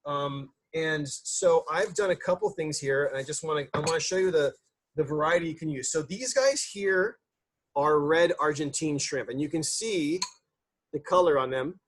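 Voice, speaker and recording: A man's voice: fairly high pitch, moderate pace. A man, a chef, giving a casual cooking demonstration in a loose, chatty way with lots of fillers and restarts.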